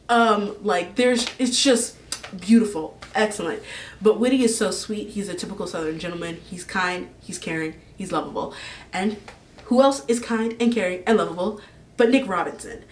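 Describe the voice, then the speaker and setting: Young woman vlogger, excitable, rambling fan chat, mid-pitched, recorded from a little way off. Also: recorded from a distance. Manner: gushing, rambling, laughs often. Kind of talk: casual fan casting chat.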